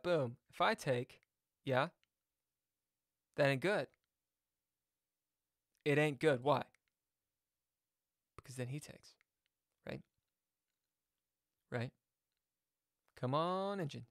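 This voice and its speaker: A man's voice: fairly high pitch, slow, pauses often, a bit bright, no room sound, studio quality. A man chatting casually on a live chess stream, reading viewer comments aloud and jumping from topic to topic. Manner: chatty, jumps between topics, reads chat aloud.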